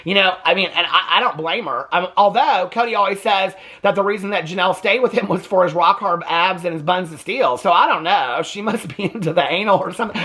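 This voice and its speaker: A man's voice: sits high, fast talker, hardly any pauses, breathy edge. Sassy, swearing male recap host. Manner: sassy, gossipy, profane; animated. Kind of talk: casual TV recap vlog.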